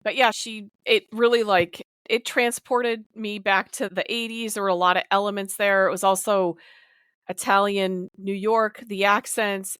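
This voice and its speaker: Woman, podcast co-host, smooth dry voice, lively and chatty. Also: medium pitch, no room sound. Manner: lively, chatty, laughs often. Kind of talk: casual chat.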